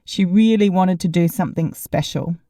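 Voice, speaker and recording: A friendly, earnest dad, eager and a little gushing, as a woman narrating puts him on. The tone is soft and mellow, recorded dry and close. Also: on the low side, normal speed, no room sound, natural voice. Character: kind, eager man, proud father.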